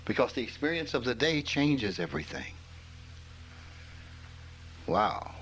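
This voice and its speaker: Older man, spiritual teacher, folksy storytelling, unhurried, faint background hiss. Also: mid-range voice, animated, a bit bright, rough recording. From rural Mississippi, US. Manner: folksy storytelling, chuckles often. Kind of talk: informal spiritual talk to a live audience.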